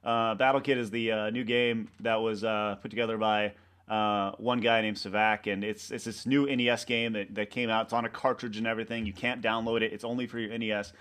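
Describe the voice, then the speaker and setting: A man's voice: fairly low pitch, clean tone. Man rambling through a casual interview. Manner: rambling, halting with many restarts and fillers; animated storyteller acting out coworkers' lines. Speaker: website co-founder, interview guest.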